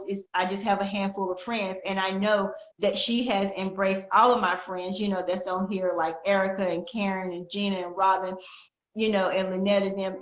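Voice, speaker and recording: A middle-aged woman hosts a live online talk show with deep feeling, circling back to her thanks and reading out viewer comments. The sound is roomy and dull, like a lo-fi live stream. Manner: warm, emotional, repeats herself, reads out viewer comments. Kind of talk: heartfelt live-stream chat.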